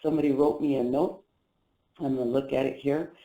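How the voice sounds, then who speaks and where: A man's voice: mid-range voice, fairly even intonation, fairly quick, mellow, reverberant, poor audio. A man hosting a motivational talk show as a life coach, speaking earnestly and repeating phrases to encourage listeners through a guided visualization. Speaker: life coach and podcast host.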